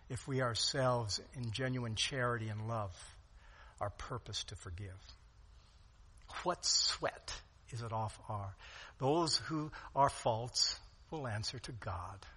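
A man's voice: medium pitch, slow, slightly rough. Emphatic preaching man in a reverberant hall. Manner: emphatic preaching, swings from loud to quiet. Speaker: pastor. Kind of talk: sermon.

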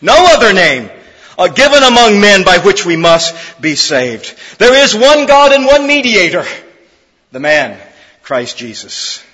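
A man with a very high-pitched voice preaches a sermon with fervent emphasis, hammering his point through repeated phrases. His voice rings out with a long reverb, as in a large hall. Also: sing-song, normal speed, pushed and bright.

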